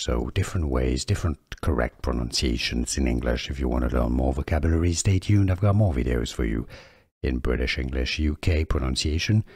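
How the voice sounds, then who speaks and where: A man giving a scripted pronunciation lesson, saying words slowly and deliberately. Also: very deep voice, darkish tone, breathy edge, dry recording, studio quality. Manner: slow, deliberate word-by-word demonstration. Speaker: pronunciation teacher.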